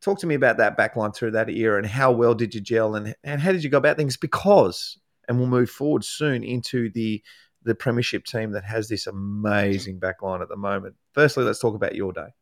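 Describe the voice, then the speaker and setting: A man's voice: fairly low pitch, a little fast, no room sound, studio quality. A middle-aged man with an Australian accent, hosting a casual interview and telling stories with frequent laughter. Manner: storytelling, laughs often. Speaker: podcast host, former footballer.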